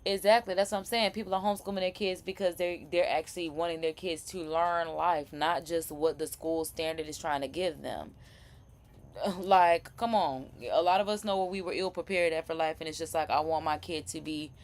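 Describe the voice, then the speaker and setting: A young woman hosting a live chat, talking in a loose, rambling stream full of restarts and quick laughs. Her voice sits a little low for a woman. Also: fairly even intonation. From Florida. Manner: chatty, rambling, laughing asides. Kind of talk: casual commentary.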